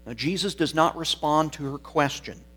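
A man's voice: fairly high pitch, normal speed, a bit bright, breathy edge. A man preaching a sermon, explaining scripture verse by verse and repeating key words for emphasis. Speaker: pastor.

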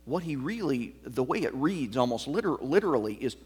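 A man preaching an expository sermon as pastor, explaining a passage line by line in a measured teaching manner. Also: medium pitch, big pitch swings, a little mellow, slightly rough.

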